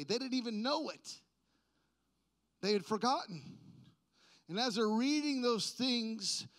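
A pastor preaching a casual, joking sermon, dropping to quiet asides and then building to loud, emphatic peaks. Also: male voice, extremely high pitch, lively intonation, unhurried, long pauses. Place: church sanctuary.

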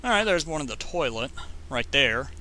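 Man, let's play commentator, jokey rambling delivery, bright lively voice, faint hiss behind. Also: medium pitch. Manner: rambling, jokey, talks fast when excited. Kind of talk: excited gameplay commentary.

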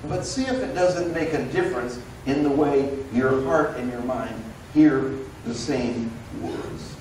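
A male pastor giving a conversational sermon, telling the story in an animated way and acting out the quoted dialogue. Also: medium pitch, a little slow, slight background noise. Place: church sanctuary. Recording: roomy echo, recorded from a distance.

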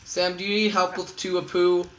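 A man casually commentating his own gameplay as host, excitable and repeating catchphrases in a singsong. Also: high-pitched, normal speed, rough recording. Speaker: gamer host.

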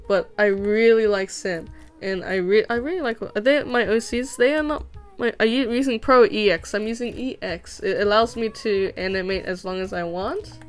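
A young woman talks casually on a live stream while she animates. She rambles and gets excitable, laughing often, in a mid-pitched voice with faint music under her.

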